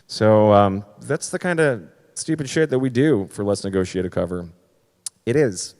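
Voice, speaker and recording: A man's voice: on the low side, expressive, normal speed, darkish tone, long reverb tail. A man hosting his weekly comedy-music livestream from home, rambling in a self-deprecating way with crude jokes. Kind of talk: casual livestream banter. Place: home, streaming.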